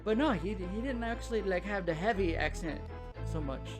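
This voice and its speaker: High and expressive at a normal speed, the voice belongs to a thirtysomething South Louisianan hosting a gaming show in his local accent. He chats loosely during play, wandering off topic and forgetting where he was, while game music plays.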